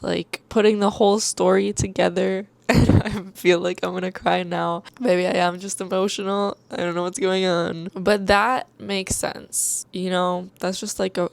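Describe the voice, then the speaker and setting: A woman's voice: mid-range voice, creaky, dry recording. A young woman vlogging casually into a handheld mic at home, rambling and laughing often, with a sore throat. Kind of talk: casual chatty vlog. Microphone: handheld microphone held close.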